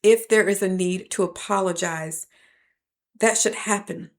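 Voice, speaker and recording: A woman who is a professor, hosting a reflective podcast monologue and telling stories, with lively turns when she voices the people she quotes. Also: mid-range voice, measured pace. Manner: storytelling, animating quoted voices.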